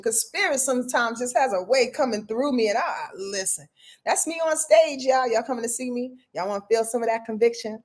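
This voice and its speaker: A woman hosting a live astrology forecast, her voice sitting a little high. She preaches with emphasis, repeats herself to drive points home and calls her viewers "y'all" with open affection. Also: animated, a little fast. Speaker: astrologer and show host.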